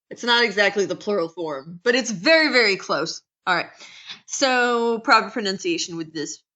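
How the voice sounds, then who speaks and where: A woman's voice: mid-range voice, sharp tone. An American woman teacher giving a casual classroom lecture, chatty and full of restarts. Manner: chatty, acts out quotes, many restarts.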